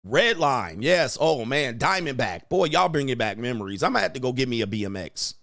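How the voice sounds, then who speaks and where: A man's voice: medium pitch, sing-song, fairly quick, a bit bright. A man hosting crude casual commentary, laughing and swearing as he tells stories. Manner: profane, laughing, storytelling. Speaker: livestream commentary host.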